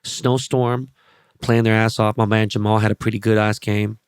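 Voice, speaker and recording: A man hosting his podcast, rambling through sports and celebrity stories with constant swearing and animated asides. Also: lowish voice, moderate pace, smooth, dry recording, clean studio sound. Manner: profane, rambling, animated storytelling. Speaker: podcast host. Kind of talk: casual podcast monologue.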